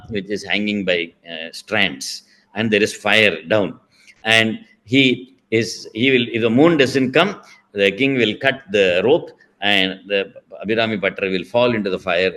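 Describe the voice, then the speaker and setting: A man's voice: on the low side, pushed and bright. A middle-aged man with an Indian accent telling and explaining a devotional story, digressing often with fillers and restarts. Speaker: spiritual speaker.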